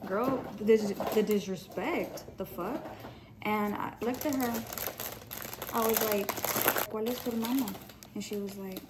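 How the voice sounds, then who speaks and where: Woman doing a storytime vlog, swears a lot, talks fast and blunt, bit of noise in the background. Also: medium pitch. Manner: profane, blunt and animated. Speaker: storytime vlogger. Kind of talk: casual storytime.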